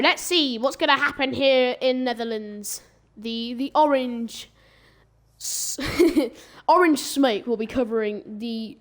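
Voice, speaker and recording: A fairly high-pitched woman calls a live online racing session with loose, rambling chatter. She trips over words and corrects herself as she goes, keeping a casual streamer feel. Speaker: sim racing commentator. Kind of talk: live esports race commentary.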